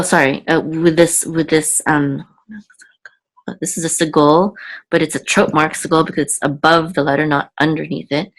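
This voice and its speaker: A woman teaching a reading lesson, patiently repeating and slowly sounding out each word. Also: low voice. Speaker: Hebrew teacher. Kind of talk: explaining a reading lesson to camera.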